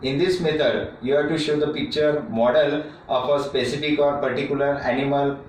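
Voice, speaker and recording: A man teaching a classroom lecture on reading methods, talking slowly and repeating himself, with many fillers and restarts. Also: on the high side, fairly even intonation, distant mic, a little hiss or hum. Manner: slow and repetitive, with frequent fillers and restarts. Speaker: teacher educator. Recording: echoey room, speaker away from the mic.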